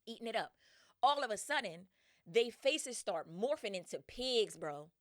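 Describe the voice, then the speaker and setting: A podcast host with a fairly high, unhurried voice retells a story in casual slang, full of energy and frequent laughter. The sound is clean and studio-quality, with no echo.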